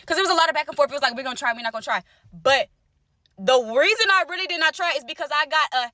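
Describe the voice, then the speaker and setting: A young woman telling viewers a personal story in casual vlog talk, animated and direct, acting out what others said. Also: quick pace, no echo. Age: young adult. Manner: animated, talks straight to viewers, acts out quotes; wide swings in pitch and loudness. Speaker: storyteller vlogger.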